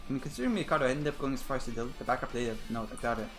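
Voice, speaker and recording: A man's voice: mid-range voice, rapid-fire, soft background music. A man playing a story game who reads its dialogue aloud in a plain voice and drops blunt asides of his own. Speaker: let's player.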